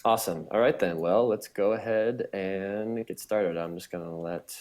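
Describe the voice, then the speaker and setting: A man moderating a voice chat, upbeat and brisk as he moves callers in and out, on a headset mic. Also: low voice, a little mellow. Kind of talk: casual voice chat.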